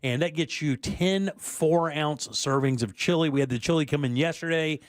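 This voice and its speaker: A man's voice: a little high, moderate pace, no room sound. Radio host guy, chatty, sarcastic, dry studio sound. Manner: chatty, sarcastic, upbeat plugs. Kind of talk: morning talk radio.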